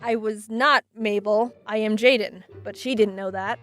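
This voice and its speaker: A young woman telling funny childhood stories in a casual, sarcastic way, with quick asides. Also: mid-range voice, steady tone, fairly bright tone. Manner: quick shifts into quoted voices, sarcastic asides. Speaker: storytelling video narrator. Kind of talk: casual comedic storytelling. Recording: faint music behind.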